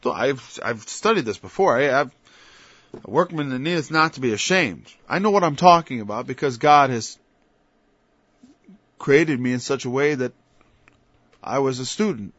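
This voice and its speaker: A man preaching an informal sermon, moving from quiet asides to loud, emphatic passages and quoting scripture in old-fashioned wording. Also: mid-range voice, lively intonation, moderate pace, pauses often, dry recording. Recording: dull, lo-fi sound.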